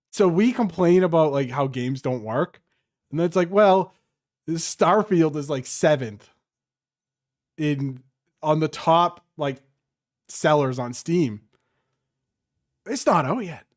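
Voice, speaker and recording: A man's voice: a little high, no room sound, clean studio sound. A young adult man co-hosting a casual gaming podcast, riffing and mocking company voices. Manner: animated, quick to act out mocking voices. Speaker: podcast co-host. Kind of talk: casual chat.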